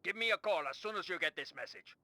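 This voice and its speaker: An actor playing an impatient newspaper editor leaving a brusque, scolding phone message. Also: male voice, high-pitched, lively intonation, quick pace, bright, forceful tone, no room sound, full character voice. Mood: annoyed. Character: impatient male newspaper editor on answering machine.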